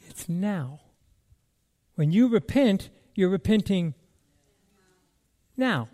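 A man preaching a sermon as pastor, emphatic and repetitive, moving between loud declarations and quiet musing. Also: high voice.

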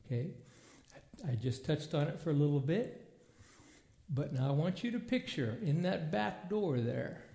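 Animated male preacher in an echoey hall. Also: a little high, moderate pace, creaky, pauses often. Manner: animated, acts out movie scenes in voices. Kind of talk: informal Bible teaching. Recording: echoey room.

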